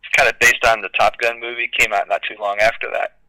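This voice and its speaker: A man joining a livestream over a video call, chatting casually and telling an animated story. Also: mid-range voice, fast, no echo, poor audio. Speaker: livestream guest. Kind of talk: casual chat.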